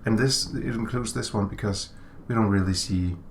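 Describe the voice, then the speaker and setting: Male developer co-host, lowish voice, playful and halting; faint noise behind. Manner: playful, joking, halting with restarts. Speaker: game developer co-hosting a stream. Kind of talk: casual chat while playing.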